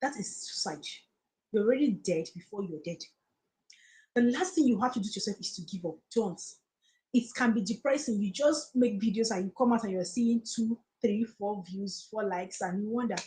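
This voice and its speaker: A woman's voice: medium pitch, moderate pace, dark tone, poor audio. A woman with a Nigerian accent giving earnest, preachy encouragement on a live stream, repeating phrases for emphasis. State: tearful, close to crying. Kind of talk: motivational live-stream talk.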